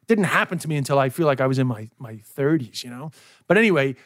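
A man, around his forties, a comedian chatting on a podcast, telling stories in an animated way, acting out dialogue and swearing often. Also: medium pitch, fast. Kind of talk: casual podcast interview.

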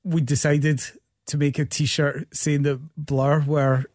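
A man's voice: on the high side, flat delivery, slow pace, darkish tone, dry recording, studio quality. A middle-aged man, a podcast guest chatting easily and agreeing often. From Glasgow, Scotland. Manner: easygoing, lots of "yeah, yeah" agreement. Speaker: guest musician. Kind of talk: casual conversation.

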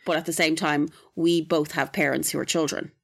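Female podcast co-host with a lowish voice, casual and supportive, reassuring tone. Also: steady tone, a little fast, creaky. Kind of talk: casual chat.

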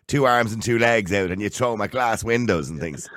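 A man's voice: fairly low pitch, a little fast, fairly bright tone, dry recording, clean studio sound. A man hosting a radio chat show, teasing his guests and laughing often.

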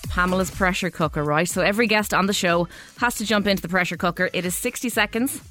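A woman with an Irish accent hosting a casual radio interview, chatty and playful, firing off quick questions. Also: fairly low pitch, music in the background. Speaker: radio host.

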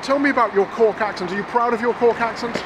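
A man's voice: extremely high pitch, fast talker. Man, radio reporter, chatty questions, station noise behind. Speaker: radio correspondent. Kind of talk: on-the-street reporting and interviewing. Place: busy train station.

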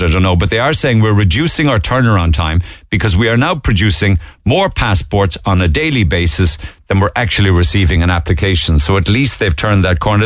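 A man's voice: on the low side, dry recording, clean studio sound. A man with a Cork accent hosting a radio talk show, chatting casually about the day's stories with wry, joking asides. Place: radio studio.

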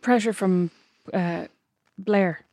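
A woman's voice: mid-range voice, takes it slowly, warm tone, no room sound, studio quality. An Irish woman co-hosting a podcast, chatting casually and rambling through personal anecdotes. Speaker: podcast co-host. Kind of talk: casual chat.

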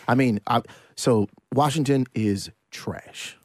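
A man with an American accent, co-hosting a casual sports podcast, easygoing and quick to chime in. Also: medium pitch, a little mellow, dry recording, studio quality. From United States. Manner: easygoing, quick agreeing interjections. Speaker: podcast co-host.

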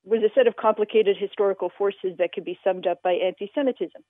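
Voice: medium pitch, fairly even intonation, quick pace, no room sound. An interview guest explaining language history in a radio interview, talking with many filler sounds. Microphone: telephone. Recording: tinny phone line, dry.

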